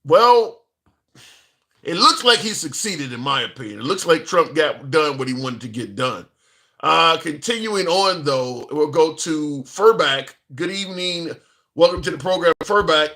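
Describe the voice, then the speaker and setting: A man's voice: a little high, animated, normal speed, bright, forceful tone. A man hosting a political call-in livestream, reacting to chat messages and repeating his points for emphasis. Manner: talks back to chat and callers, restarts and emphatic repeats. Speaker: call-in show host. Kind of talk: casual political commentary.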